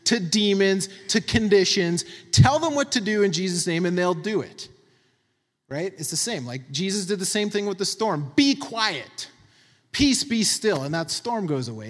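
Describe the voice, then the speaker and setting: A high-voiced man preaches with a very animated pitch. He talks in an emphatic, conversational way, keeps checking in with his listeners, and his voice carries a long hall reverb. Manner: emphatic, conversational, tags points with "right?". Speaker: pastor. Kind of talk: sermon.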